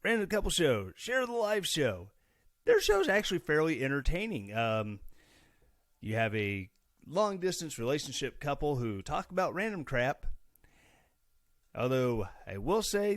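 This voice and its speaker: Podcast host from Missouri, male, mid pitch, sarcastic and chatty delivery, dry room. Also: no room sound. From Missouri, USA. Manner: chatty, sarcastic, self-mocking. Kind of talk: casual solo podcast commentary.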